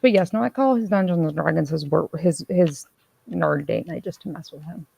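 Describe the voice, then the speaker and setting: A woman's voice: deep voice, moderate pace, vocal fry, darkish tone, breathy edge, low-quality recording. A woman hosting a casual livestream, rambling and calling out viewers by name as she reads their comments. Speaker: streamer host reading chat.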